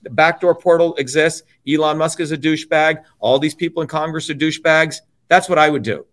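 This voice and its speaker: A man who is a guest on an interview show, delivering a heated political rant that is profane, forceful and repetitive. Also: a little high, brisk.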